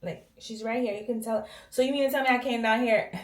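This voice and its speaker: Cleaning her echoey bathroom, a vlogger casually shares a personal story with her viewers, speaking emphatically and addressing them directly with frequent "okay?" check-ins. Her voice is a little high, fairly even in intonation and slightly fast.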